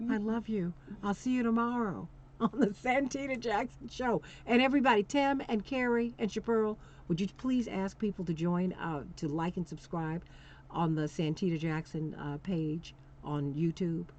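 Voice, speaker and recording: A woman's voice: mid-range voice, moderate pace, darkish tone. A middle-aged woman hosting a call-in talk show, chatty and affectionate, laughing often and sounding tired. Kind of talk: casual call-in radio chat. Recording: slightly dull lo-fi stream with faint noise.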